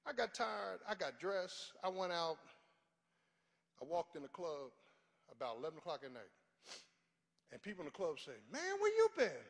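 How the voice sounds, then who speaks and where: An older man preaching a sermon, telling stories from his life and rising to fervent shouts. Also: on the high side, moderate pace, creaky, pauses often, long reverb tail. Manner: storytelling, builds to fervent shouting.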